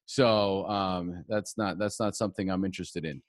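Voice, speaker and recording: A man's voice: deep voice, moderate pace, a little hiss or hum. A man hosting a podcast who talks in a joking, meandering way, full of asides and restarts. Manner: jokey and meandering, with many fillers and restarts. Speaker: podcast host. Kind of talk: casual podcast interview.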